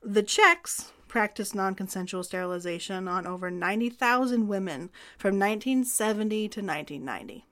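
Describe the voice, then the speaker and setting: A woman's voice: medium pitch, a little fast, few pauses, fairly bright tone. A woman co-hosting a history podcast, explaining historical laws in an earnest, conversational way. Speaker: podcast co-host.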